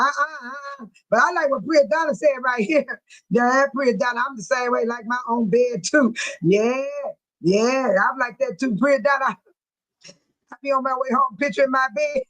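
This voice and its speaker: High-voiced woman laughing through a live stream. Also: a bit bright, rough recording. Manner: laughs often, talks to viewers. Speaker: live-stream host reading viewer comments. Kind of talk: casual live-stream chat.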